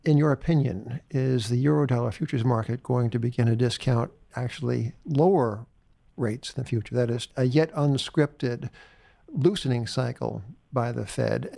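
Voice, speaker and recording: A man in his seventies hosting an interview, speaking in a wry, halting way with stammered restarts. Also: medium pitch, gravelly, warm tone. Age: 70s. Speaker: podcast host.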